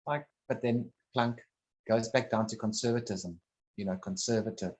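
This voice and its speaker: A man holding a casual one-on-one conversation, his thoughts coming out in halting, rambling pieces. He restarts sentences often and drops in blunt swearing. His voice sits at an ordinary middle pitch.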